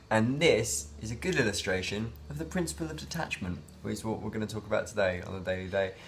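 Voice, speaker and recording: A man's voice: fairly low pitch, brisk, fairly bright tone, slight background noise. A man talking in a casual daily vlog, rambling and reflective, with many fillers and restarts. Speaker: vlogger.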